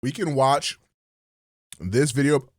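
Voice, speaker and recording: A man's voice: mid-range voice, slow pace, no echo, studio quality. A man streaming live, chatting casually and crudely with his chat. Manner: crude, joking, talks to chat.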